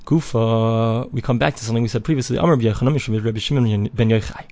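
Man, mid-pitched, Talmud teacher; reads a phrase in Ashkenazi Hebrew, then explains it in plain English, dry close recording. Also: fast talker, a little mellow, no echo. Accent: Ashkenazi Hebrew pronunciation. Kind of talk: reading and translating a text line by line.

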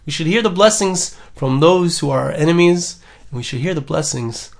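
A man's voice: fairly high pitch, animated, moderate pace, creaky. A man giving an earnest podcast sermon, full of rhetorical questions and repeated phrases. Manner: earnest, repetitive, rhetorical questions, acts out quoted voices. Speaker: rabbi giving a Torah talk.

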